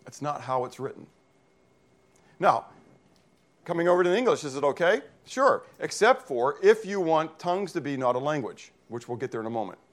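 Male pastor, from Pennsylvania, slightly higher voice, teaching sermon with lots of "okay?" check-ins. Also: sing-song, normal speed. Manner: reads scripture aloud and explains Greek words. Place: church.

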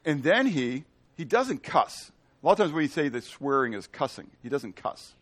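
A man's voice: mid-range voice, normal speed. A man preaching a sermon in a casual, playful way, often acting out the people in his story. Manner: animated, playful, acts out quotes. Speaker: pastor.

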